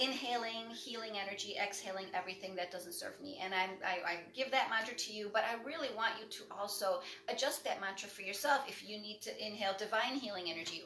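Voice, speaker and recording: A woman's voice: mid-range voice, fairly bright tone, roomy sound, slight background noise. A woman teaching a live online breathwork class, encouraging and conversational, often checking in with "right?". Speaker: breathwork instructor. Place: indoor room, livestream.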